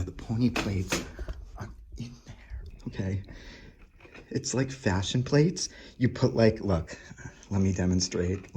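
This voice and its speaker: A man of about forty rambling and swearing excitedly as he explores a dark abandoned daycare, sometimes dropping to a whisper. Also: on the low side, noisy background. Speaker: urban explorer and toy collector.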